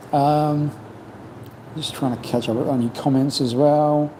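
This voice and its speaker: A man hosting a casual livestream chat, rambling and reflective, full of "you know", his voice slightly croaky from long talking. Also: fairly high pitch, fairly even intonation, slow pace, dark tone, a little hiss or hum, poor audio. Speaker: livestream host. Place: home in Cambodia.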